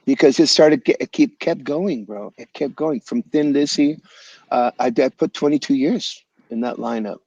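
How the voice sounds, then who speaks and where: A man in a relaxed interview, spinning animated stories in a casual, slangy way. His voice sits at an ordinary middle pitch. It comes through a muffled, lo-fi video call with a dry, close sound. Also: normal speed, slightly rough, dry recording. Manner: animated, slangy storyteller, calls people "man" and "bro". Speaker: guest musician. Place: home in Los Angeles area.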